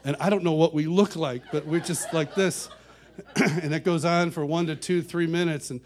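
A man telling a personal story to an audience, animated, often laughing and repeating words as he goes. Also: normal speed. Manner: animated, laughs often, gets louder and higher as the story builds. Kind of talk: storytelling talk.

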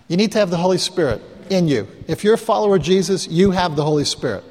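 A man preaching as a pastor, telling chatty, self-mocking stories to his congregation with quick asides. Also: high-pitched, lively intonation, a little mellow. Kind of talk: storytelling sermon to a live congregation. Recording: live hall recording with long reverb.

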